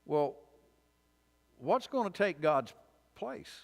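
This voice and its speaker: A man's voice: on the high side, sing-song, slow pace, gravelly. A man preaching a conversational sermon and Bible study, informal and wry, often restarting his sentences. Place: church sanctuary. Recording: long church reverb.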